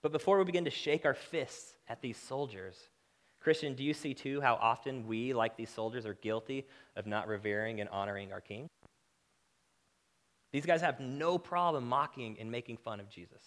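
A man delivers a sermon with real conviction, his voice swelling to loud, emphatic peaks before sinking back to quiet, earnest asides. He sits in a middling pitch for a man and talks to his listeners directly. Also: moderate pace. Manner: impassioned, rising to emphatic peaks then dropping low. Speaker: preacher.

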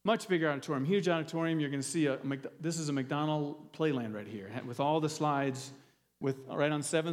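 A pastor delivering a sermon in a church, talking loosely with restarts and fillers and an earnest tone. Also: male voice, medium pitch, big-room sound. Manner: earnest, gets emotional near the end.

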